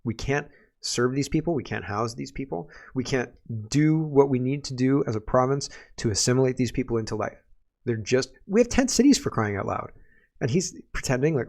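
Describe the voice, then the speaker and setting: Gravelly guy doing a sarcastic political rant, lots of laughing. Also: mid-range voice, expressive, a little fast, darkish tone. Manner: sarcastic, ranting, laughs often. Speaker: political commentary host. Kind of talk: casual political commentary.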